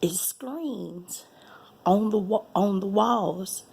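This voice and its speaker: A woman tells a personal story, repeating herself and often sinking into a breathy whisper. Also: mid-range voice, extremely slow, a little mellow, a little hiss or hum. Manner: emotional, repeats phrases, drops to a breathy whisper. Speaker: vlogger sharing a personal testimony.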